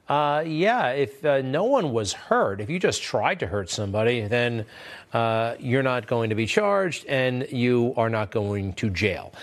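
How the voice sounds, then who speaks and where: A man hosting an opinion news show, talking in a sarcastic, combative way and repeating phrases for emphasis. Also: medium pitch. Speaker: TV news commentary host.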